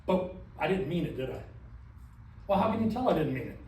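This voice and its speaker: A man running a classroom training session as a sales trainer, talking in an animated way and tossing questions to the group. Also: on the high side, fairly quick, a little hiss or hum. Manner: animated, asks the room questions. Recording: echoey room from far off.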